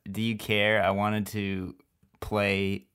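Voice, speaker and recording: A man's voice: on the low side, completely flat delivery, slow pace, a bit bright, clear, resonant tone. A man hosting a recorded casual chat, playful and joking, and laughing often.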